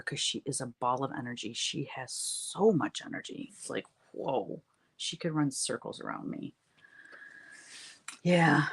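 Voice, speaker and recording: Chatty laughing woman host. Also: deep voice. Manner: chatty, laughs often, rambling storytelling. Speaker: livestream craft host. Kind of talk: casual chat with viewers while painting.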